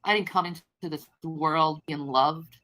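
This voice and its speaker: A woman's voice: deep voice, unhurried, music in the background. A woman on a livestream, ranting bitterly and accusing the people she addresses. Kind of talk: livestream rant.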